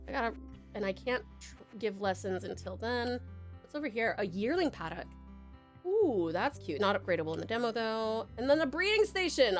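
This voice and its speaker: A woman from Tasmania with an Australian accent, streaming a game live, bubbly and quick to laugh while she reads tutorial text aloud. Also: a little high.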